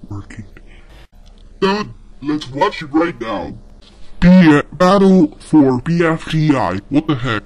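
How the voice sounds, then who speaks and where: A whiny, short-tempered boy from a homemade cartoon rants with a sneering, complaining manner, voiced by a man. His voice swings all over the place in pitch. He drawls his words out slowly. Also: heavily acted. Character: boy ranting about web shows, whiny, short-tempered. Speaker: ranting character.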